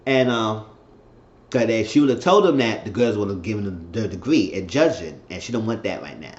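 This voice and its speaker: Man, casual TV recap vlogger, animated delivery, dull lo-fi echoey sound. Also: on the low side, fairly quick. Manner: animated storytelling, acting out quotes.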